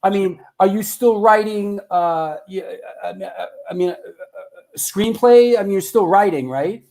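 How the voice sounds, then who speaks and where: A man hosting an interview show, asking halting questions with lots of stammers and casual swearing. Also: sits high, creaky, darkish tone. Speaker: host.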